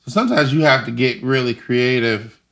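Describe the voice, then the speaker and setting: A young man being interviewed, telling animated stories and acting out the voices of people in them. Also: mid-range voice, brisk. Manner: animated, laughing, acts out voices in his stories. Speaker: guest. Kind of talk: casual storytelling interview.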